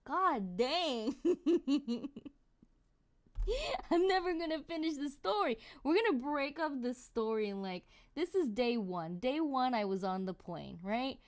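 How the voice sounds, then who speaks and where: Woman streamer, chatty and excitable, pitched a touch high. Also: takes it slowly. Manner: animated, exclamatory storytelling. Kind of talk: casual chat with viewers.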